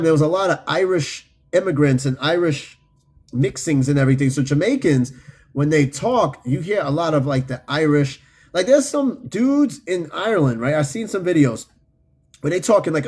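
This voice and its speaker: A man hosting a podcast, chatting casually and reading out listener comments in a loose, profane, animated way. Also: fairly high pitch, slightly rough. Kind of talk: casual unscripted chat.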